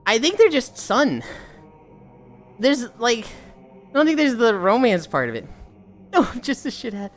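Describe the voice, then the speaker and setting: A woman's voice: on the high side, sing-song, slow, pauses often, soft background music. A woman livestreamer chatting casually with her viewers, rambling, sighing often and swearing offhandedly.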